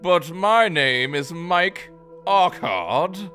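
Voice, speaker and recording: A man voicing a sly, smooth-talking male fugitive in a tabletop game, overly polite and feigning innocence. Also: sits high, animated, extremely slow, sharp tone, soft background music, pitched above the performer's own voice, full character voice.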